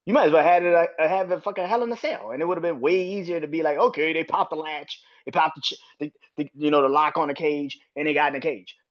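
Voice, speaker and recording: A man's voice: on the high side, fairly even intonation, fast, few pauses, lo-fi sound. A man hosting a solo wrestling review podcast, ranting with heavy swearing and frequent restarts. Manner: profane, ranting, repetitive restarts. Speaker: podcast host.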